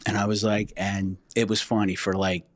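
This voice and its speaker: A fairly low-voiced man, a former state trooper, tells war stories on a podcast, blunt and profane. He acts out the lines other people said. His voice sits close to a dry studio mic with almost no room sound. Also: little pitch movement, normal speed, dry recording. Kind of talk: casual podcast storytelling.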